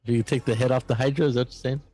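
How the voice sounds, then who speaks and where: A man narrating as game master of a tabletop role-playing game, halting and full of fillers. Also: medium pitch, steady tone, dark tone. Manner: halting, filler-heavy narration with quick voices for NPCs.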